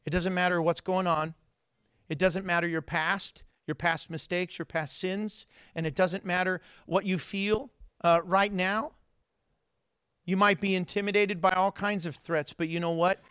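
A man preaching a sermon as pastor, telling stories in an animated way, with loud, high outbursts, and joking and laughing between points. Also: measured pace, smooth, no room sound, clean studio sound. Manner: animated storytelling, gets loud and high acting out scenes.

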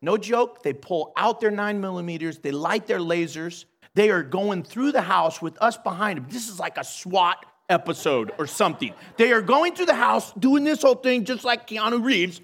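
A man's voice: sits high, expressive, normal speed, few pauses, a bit bright. A man preaching as a pastor, telling a story animatedly, acting out the dialogue and laughing along. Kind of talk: storytelling sermon.

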